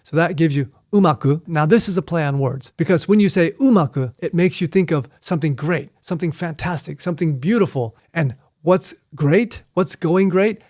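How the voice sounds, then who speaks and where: A man's voice: fairly high pitch, moderate pace, few pauses, darkish tone, dry recording, clean studio sound. A middle-aged man, a martial arts instructor, explaining things in a casual, playful way with joking asides.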